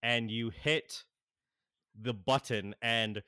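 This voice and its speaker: Game master, male, slow and halting, bright dry voice. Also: medium pitch, steady tone, clean tone, no echo. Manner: halting, lots of fillers, laughs often. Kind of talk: narrating a tabletop game.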